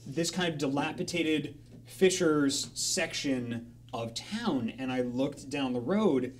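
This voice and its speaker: Animated man telling a rambling story. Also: a little high, slow, a little hiss or hum. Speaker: storyteller on a charity stream. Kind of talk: casual live storytelling.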